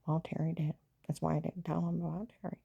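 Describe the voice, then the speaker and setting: A woman's voice: deep voice, flat delivery, fast, vocal fry, mellow, breathy edge, muffled recording. A woman telling her own story in a rambling personal account, agitated and jumping between events while quoting others.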